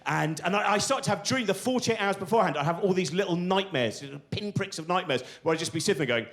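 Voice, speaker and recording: A man's voice: high-pitched, fast talker, hardly any pauses. A middle-aged man from England doing a rambling, self-deprecating stand-up routine on a live stage. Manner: rambling, self-deprecating, animated, restarts often. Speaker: stand-up comedian.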